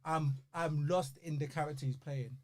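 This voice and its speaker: Soft-spoken, hesitant young man. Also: fairly high pitch, steady tone, moderate pace. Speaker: podcast co-host. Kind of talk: casual chat.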